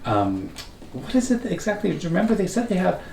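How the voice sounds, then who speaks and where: A man from Canada whose first language is French, chatting and telling stories in a lively way as a podcast co-host. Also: high-pitched, fast, gravelly, a little hiss or hum. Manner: chatty, animated storyteller. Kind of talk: casual chat. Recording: roomy, mic at a distance.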